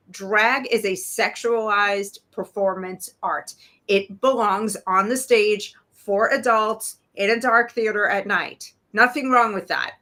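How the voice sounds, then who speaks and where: A woman's voice: mid-range voice, pushed and bright. A woman guest on a political panel, speaking with angry indignation. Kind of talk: heated political commentary.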